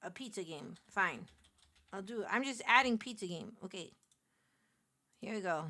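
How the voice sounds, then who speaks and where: Animated New York woman streamer. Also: medium pitch. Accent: New York City. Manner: animated, exclaiming, quick to laugh. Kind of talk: casual live-stream chat while picking a game.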